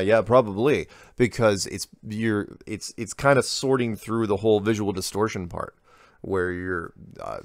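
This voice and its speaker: A man with a very low, gravelly voice reads listener emails in an offhand, casual way. He trails into asides and corrects himself as he goes. The sound is dry and close to the mic. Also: no echo. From US Pacific Northwest. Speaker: host reading viewer emails.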